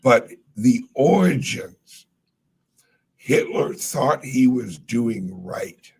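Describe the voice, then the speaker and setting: A man's voice: mid-range voice, animated, drawn-out words, a little mellow, breathy edge. A man in casual chat, rambling through stories, trailing off and swearing casually. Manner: laid-back storytelling. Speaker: podcast co-host.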